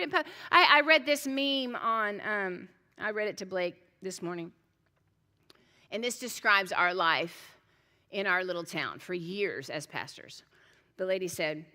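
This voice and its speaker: A woman's voice: medium pitch, expressive, measured pace, pushed and bright, in a large hall. A middle-aged woman pastor preaching a sermon, telling stories in a chatty way, with restarts and joking asides.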